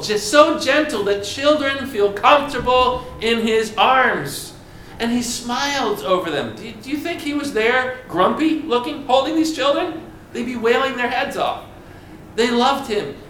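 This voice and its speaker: High-voiced preacher in an echoey hall. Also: male voice, fairly bright tone, slight background noise. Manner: questions the congregation, dramatic pauses and emphasis. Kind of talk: sermon. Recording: echoey room with faint ambience.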